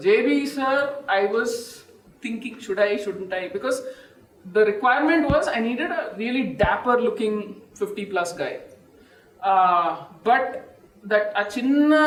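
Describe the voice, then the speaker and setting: A film director answering interview questions quickly, mixing in phrases from another language. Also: male voice, high voice, far from the mic. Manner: quick, mixes in Telugu phrases. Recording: echoey room, from off-mic.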